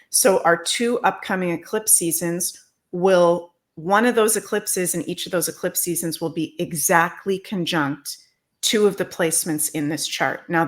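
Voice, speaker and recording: Brief: woman guest astrologer, somewhat low voice, emphatic and chatty. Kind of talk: casual explanatory talk.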